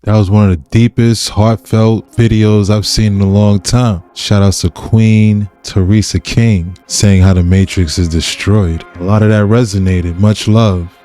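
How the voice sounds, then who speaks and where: Chill low-voiced dude reacting to clips, slangy, soft music behind. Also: male voice, fairly even intonation, measured pace, hardly any pauses. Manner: laid-back slang, musing. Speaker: reaction channel host. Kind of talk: casual reaction commentary.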